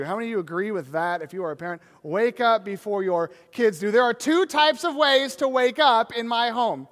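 A man in his thirties with a fairly high voice preaches to a congregation. He tells his stories with animation and acts out the scenes as he goes. His voice rings out with a long reverb through a large church hall. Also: fairly quick, few pauses, fairly bright tone. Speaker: pastor. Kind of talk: sermon.

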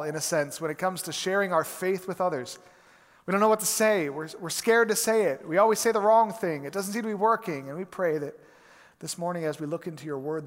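A man preaching as a pastor, opening with prayer and then telling a story with animated, acted-out quotes in a church. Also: a little high, long reverb tail. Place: church sanctuary.

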